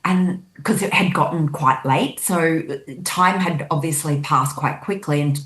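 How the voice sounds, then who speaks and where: A woman with a low-pitched voice tells a dream as a guest. She narrates it in a lively way and acts out what people said. The room adds a noticeable echo. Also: measured pace. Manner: lively storytelling, acting out the people in her dream. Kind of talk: recounting a dream in conversation. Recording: echoey room.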